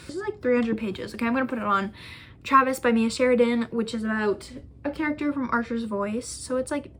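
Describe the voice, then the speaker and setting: Young woman, book vlogger, excitable rambling chat, slightly high voice. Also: a little fast. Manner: gushing, rambling with many fillers and restarts. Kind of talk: casual chat.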